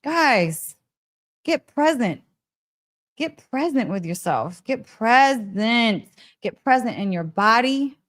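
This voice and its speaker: A woman hosting a podcast, telling a story in an excitable, emphatic way, repeating phrases and laughing often. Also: a little high, slow pace. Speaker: podcast host. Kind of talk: animated storytelling monologue.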